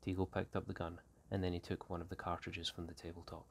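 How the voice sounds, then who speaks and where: Teacher guy reading a story out loud, real low voice, steady pace. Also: fast, vocal fry, a little hiss or hum. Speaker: English teacher. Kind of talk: reading a short story aloud.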